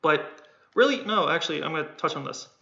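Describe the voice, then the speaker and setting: A man's voice: fairly high pitch, expressive, a little fast, vocal fry, pushed and bright. A man coaching on sales in a casual livestream, rambling and repeating words while he acts out tones of voice, with keyboard typing behind him. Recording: echoey room, dull lo-fi sound.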